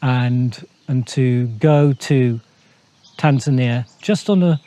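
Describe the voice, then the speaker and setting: A man from the United Kingdom tells his part of a missionary story, calm and measured, with small hesitations. His voice is mellow and dark, at a middling pitch. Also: no echo. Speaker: missionary guest. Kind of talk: storytelling in a faith talk show.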